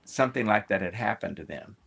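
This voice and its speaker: Deep-set and heavily gravelly with a husky, roughened edge, this older man's voice unspools a personal story for his podcast hosts at an unhurried storyteller's pace. As a guest, he tells it warmly, slipping into the voices of the people in the tale and acting out their quoted dialogue.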